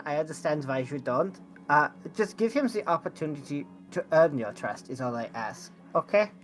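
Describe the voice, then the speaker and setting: A woman plays a blunt male robot blacksmith in a tabletop game. The voice sits on the low side and the speech is stiff and formal, with clipped phrasing. Faint music runs underneath. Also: a bit bright. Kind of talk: tabletop role-play in character.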